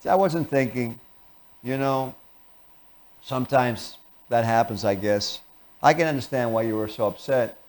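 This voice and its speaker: A man doing a low, bored soothing spouse. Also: a little slow, long pauses, close to an everyday voice. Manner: low, quiet, subdued.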